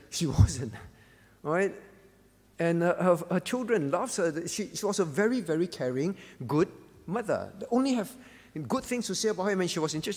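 A man's voice: on the high side, creaky, a little mellow, breathy edge, long reverb tail. A man pastor preaching an earnest sermon, repeating words for emphasis.

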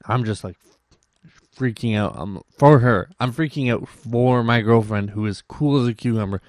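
A man's voice: mid-range voice, normal speed, darkish tone, no room sound, studio quality. A young Canadian man hosting a podcast, rambling through a casual story with many restarts and acted-out quotes. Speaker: podcast host.

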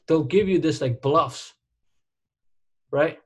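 A man's voice: a little high, moderate pace, dull audio. A man co-hosting a podcast in casual chat, emphatic and repetitive, dropping slang like dude and bro. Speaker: podcast co-host.

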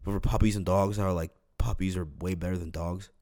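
A man's voice: deep voice, steady tone, fairly quick, warm tone. A young man hosting a podcast alone, rambling casually with lots of fillers, restarts and swearing. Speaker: podcast host. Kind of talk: casual solo podcast rant.

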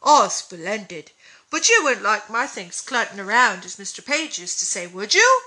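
A woman voicing an eager, shy boy with rough country speech, in a storybook reading. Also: fairly high pitch, very animated, moderate pace, sharp tone, poor audio. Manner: rustic dropped words, eager.

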